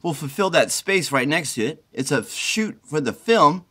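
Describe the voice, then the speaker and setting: A sick, worn-out middle-aged man rants and pleads in a slightly high voice, swearing as he goes. He sounds agitated and run down with the flu. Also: expressive, normal speed, fairly bright tone. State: sick with the flu, congested and tired. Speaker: self-recording video poster. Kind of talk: rambling direct-to-camera plea. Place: indoors at his mother's home.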